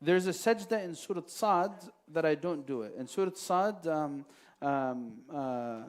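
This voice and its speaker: A man taking questions at a mosque, explaining at length with many pauses and quotes recited in Arabic. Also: on the high side, expressive. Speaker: imam answering questions. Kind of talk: religious Q&A talk. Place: mosque hall.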